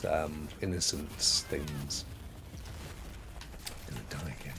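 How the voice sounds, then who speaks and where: A man's voice: extremely low pitch, steady tone, takes it slowly, creaky, background noise. A man streaming a video game, chatting in a rambling way with frequent laughs. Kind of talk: casual gameplay commentary.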